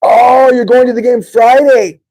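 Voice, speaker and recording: A man hosting a casual live-stream sports podcast, talking excitedly and greeting viewers in the chat by name. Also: extremely high pitch, unhurried, creaky. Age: adult with a son. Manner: excitable, talks to chat viewers by name, says bro a lot. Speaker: podcast host.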